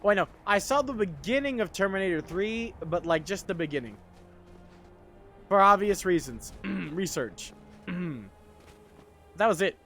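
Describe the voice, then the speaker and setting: A man's voice: high-pitched, expressive, measured pace, long pauses, pushed and bright, soft background music. A sleepy man casually chatting while streaming a game, rambling and swearing freely. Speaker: gaming streamer. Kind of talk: casual game livestream chat.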